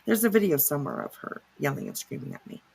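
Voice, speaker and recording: Gravelly-voiced woman streamer, rambling. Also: low voice, huge pitch swings, fast talker, darkish tone. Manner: rambling, sarcastic, swears, many fillers. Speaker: livestream commentary host. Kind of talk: casual reaction commentary.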